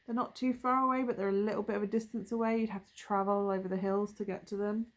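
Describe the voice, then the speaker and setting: A woman's voice: medium pitch, fairly even intonation, fast. Musing woman reading tarot. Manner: musing, thinking aloud with trailing asides. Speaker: tarot reader. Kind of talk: casual tarot reading to camera.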